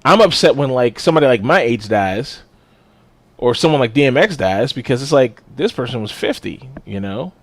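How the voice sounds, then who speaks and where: A man's voice: mid-range voice, lively intonation, moderate pace. A man co-hosting a podcast in casual chat, blunt and profane, laughing often. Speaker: podcast co-host.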